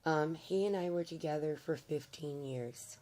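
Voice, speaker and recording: An older woman vlogging to camera, hoarse and raspy from losing her voice, talking in a rambling, heartfelt way with hesitant fillers. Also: low-pitched, a little slow, warm tone. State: hoarse, nearly lost voice. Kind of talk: casual to-camera chat.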